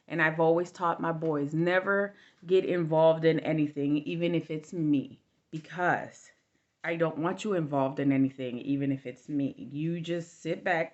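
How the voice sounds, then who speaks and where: A woman's voice: low voice, fairly bright tone, dull audio. A middle-aged woman telling a candid storytime vlog in a blunt, casual way with plenty of swearing. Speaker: vlogger.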